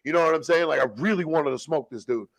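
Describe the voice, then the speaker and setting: A man telling rough stories as a podcast guest, in blunt, profane street slang. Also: a little high, quick pace. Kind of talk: casual storytelling.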